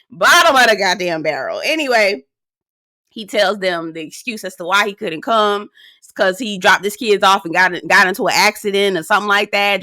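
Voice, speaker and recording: A woman's voice: medium pitch, no room sound, studio quality. A woman casually recapping a reality dating show, sassy and blunt, swearing freely and acting out what the cast said. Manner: acts out cast quotes in a lively storytelling tone.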